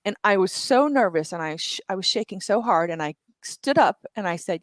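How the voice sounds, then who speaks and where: A woman guest on an interview show, retelling a story with vivid asides and quick restarts. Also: medium pitch, expressive, dry recording. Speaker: guest entrepreneur. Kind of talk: animated storytelling in conversation.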